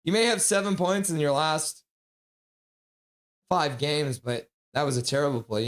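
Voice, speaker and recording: Excitable man calling hockey play-by-play. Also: fairly high pitch, unhurried. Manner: excitable, blunt, talks to chat viewers. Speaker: streamer doing fan play-by-play. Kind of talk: live hockey play-by-play with chat banter.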